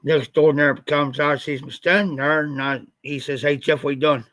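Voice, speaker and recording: A man from Ohio hosts his own livestream and tells a long, winding story, slightly stuffed up from a recent flu. His voice is fairly high and bright with a tense edge. The sound is dry and close, with no room around it. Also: fairly even intonation, normal speed, no room sound. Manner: rambling, repeats "I said" often. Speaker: livestream host.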